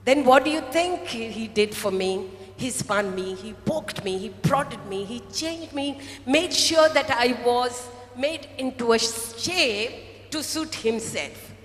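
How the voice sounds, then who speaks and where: A woman preaching a sermon to a congregation, telling a story slowly and acting out the voices of a potter and a clay cup. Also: on the high side, lively intonation. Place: large hall. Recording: echoey hall, voice from off-mic.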